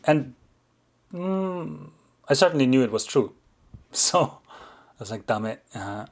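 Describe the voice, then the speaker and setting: A man with a German accent, a non-native English speaker, hosting a relaxed livestream and answering viewers' questions, chuckling often and rephrasing as he goes. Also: on the high side, slow pace, creaky. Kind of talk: casual livestream chat.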